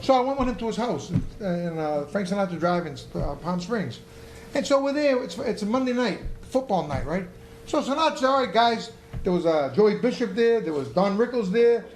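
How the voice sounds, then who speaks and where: Brief: high-voiced man rattling off a salty yarn at speed, live club echo. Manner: rapid, profane, animated storyteller. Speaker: guest, former boxer. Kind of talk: live podcast storytelling. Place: comedy club stage. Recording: echoey live club room.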